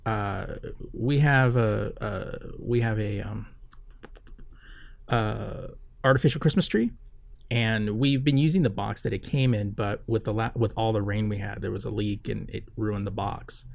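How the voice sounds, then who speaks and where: Podcast guy rambling through a story, swears a lot, gravelly voice. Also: fairly low pitch, measured pace, no room sound. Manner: rambling, profane storytelling with many fillers. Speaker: podcast co-host. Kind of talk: casual chat.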